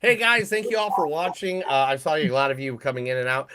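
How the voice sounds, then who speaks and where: A man co-hosts a movie podcast, and his casual chat is goofy and full of jokes. His voice is bright and forward. A faint noise sits behind him. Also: on the high side, lively intonation, fast. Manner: joking, goofy, loose. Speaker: podcast co-host.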